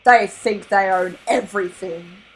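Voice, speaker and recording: Woman doing a gruff Aussie shark mate. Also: mid-range voice, a little slow, faint music behind, close to an everyday voice, poor audio. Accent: Australian. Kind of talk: storybook read-aloud.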